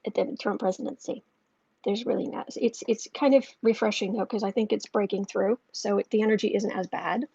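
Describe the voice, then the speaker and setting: A woman's voice: medium pitch, steady tone, brisk, creaky, dark tone, breathy edge, no room sound. A woman hosting a live tarot reading stream. She reads viewer comments aloud and talks in an emotional, rambling way with many restarts. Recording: dull, lo-fi sound.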